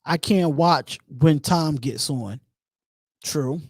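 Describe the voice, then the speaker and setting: Taking it slowly, a man from Philadelphia chats on his live call-in sports show, reading viewer comments aloud and answering them, animated and repetitive in a loose, casual way. His voice is on the high side with a breathy edge, and there's no echo.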